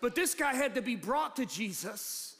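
A pastor preaching a sermon, swinging from low, quiet asides to shouted, rising lines. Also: male voice, animated, normal speed. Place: church hall. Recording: long reverb of a large hall.

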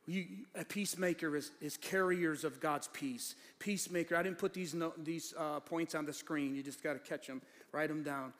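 Preacher, a man with a high voice, conversational and then rising to a shout, heard in a large church with long reverb. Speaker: pastor. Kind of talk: sermon.

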